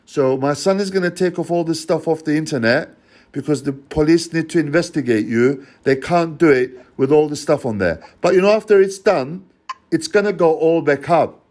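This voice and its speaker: A man's voice: on the high side, normal speed, a little mellow. A father on a phone call, accusing and confronting the person on the line in a heated rant. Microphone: phone call recording.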